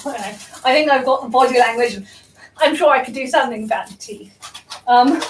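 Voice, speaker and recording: A woman's voice: high-pitched, fairly quick, a little hiss or hum. Rambling woman baking, roomy and distant. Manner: rambling, self-mocking, full of ums and laughs. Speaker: baking vlogger. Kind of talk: casual chat while baking. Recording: roomy kitchen, voice from far off.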